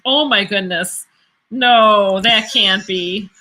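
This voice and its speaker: A woman's voice: medium pitch, takes it slowly, pushed and bright, poor audio. A middle-aged woman hosting a casual livestream, chatting and reading out viewer comments with lots of fillers and frequent giggles. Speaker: host of a cruise livestream.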